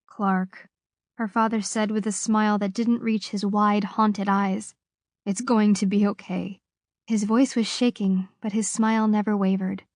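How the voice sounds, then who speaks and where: A woman reads an audiobook aloud in a measured, expressive way. Her pitch sits in the middle, and the clean studio recording has no room sound.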